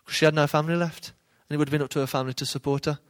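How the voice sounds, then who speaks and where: A man's voice: on the high side, fairly even intonation, rapid-fire, smooth. A man giving informal Bible teaching in a conversational way, often checking in with his listeners. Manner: conversational, questioning the audience.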